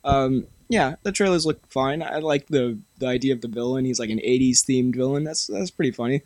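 A man's voice: mid-range voice, fairly quick, a little mellow, no room sound. A young man hosting a podcast, chatting casually, laughing often and restarting sentences. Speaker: podcast host. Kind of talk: casual chat.

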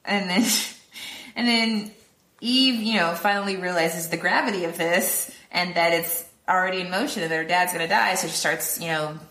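A woman's voice: lowish voice, moderate pace, bright, forceful tone. A woman co-hosting a podcast, recapping a film plot casually in a rambling way, full of fillers and acted-out quotes. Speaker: podcast co-host. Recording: echoey room.

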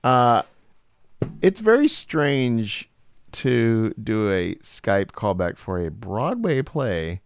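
A man co-hosting a casual chat, telling stories in an animated way. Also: mid-range voice, very slow, smooth, dry recording, clean studio sound. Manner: animated storytelling, puts on accents from scripts. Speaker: podcast co-host.

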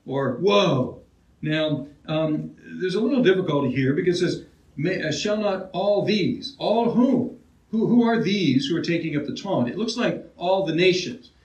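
A man's voice: sits high, animated, normal speed. Conversational male preacher in a roomy hall. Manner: conversational, repeats and restarts phrases, asks the listeners questions. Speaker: pastor. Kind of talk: expository sermon. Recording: roomy, heard from a distance.

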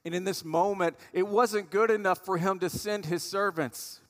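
A man's voice: high-pitched, steady tone, moderate pace, fairly bright tone. A man, a pastor giving a sermon in a conversational storytelling way. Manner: conversational storytelling, acting out voices of the people in the story. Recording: long hall reverb.

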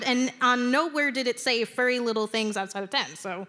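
A woman telling a personal story to an audience from a stage, in an animated, conversational way with dramatic emphasis. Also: a little high, moderate pace. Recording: long hall reverb.

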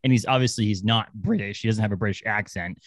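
A man co-hosting a podcast in casual chat, rambling and animated, often restarting his sentences. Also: lowish voice, fast, dry recording. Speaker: podcast co-host.

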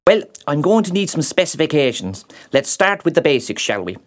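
An actress playing a fertility doctor with a salesy, stammering manner, selling designer babies. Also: female voice, low voice, big pitch swings, a little fast.

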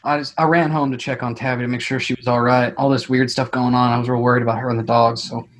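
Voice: medium pitch, level tone, fast, rough recording. A player in a tabletop game, bantering playfully in and out of character. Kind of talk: casual tabletop game play.

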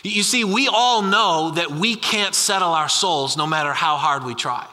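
A pastor in his thirties preaching an Easter-style sermon in a conversational way, repeating his questions and slowing down for emphasis. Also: on the high side, pushed and bright. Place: large church hall. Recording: long reverb of a large hall.

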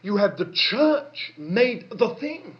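A man's voice: sits high, big pitch swings, slow pace. Emphatic male preacher, lo-fi recording. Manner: emphatic, repeats phrases for stress. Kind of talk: sermon. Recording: dull lo-fi sermon recording.

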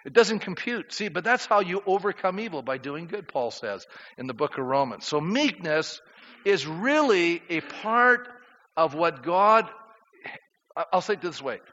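Bright-voiced man preaching a sermon. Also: high-pitched, sing-song, unhurried. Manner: conversational preaching, asks the congregation questions. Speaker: pastor. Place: church sanctuary. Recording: dull sound in a reverberant church hall.

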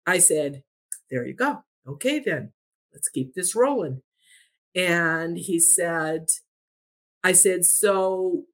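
Slow-talking woman retelling a conversation. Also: on the low side, animated. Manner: retells dialogue with repeated "I said, he said". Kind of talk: conversational storytelling.

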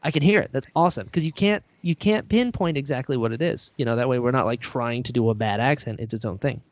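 A man's voice: medium pitch, quick pace, no room sound. A man, an actor and writer being interviewed, talking casually and rambling with lots of fillers, a little self-deprecating.

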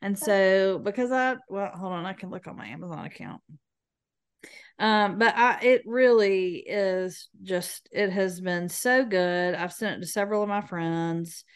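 A woman co-hosting a casual podcast. She talks in a chatty, playful way, with dry sarcasm about herself. Her voice sits in an ordinary middle pitch. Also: unhurried, clean tone. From American South. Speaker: podcast co-host. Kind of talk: casual chat.

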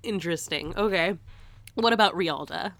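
A woman co-hosting a podcast, easygoing and quick to laugh, reading out dedications in casual chat. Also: on the low side, a bit bright, no room sound. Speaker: podcast co-host.

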